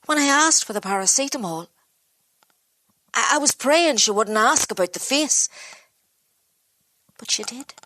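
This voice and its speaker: A woman's voice: on the high side, lively intonation, sharp tone, heavily acted. A worn-down, self-blaming mother. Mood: distraught. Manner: halting, broken, inward monologue. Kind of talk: dramatic monologue.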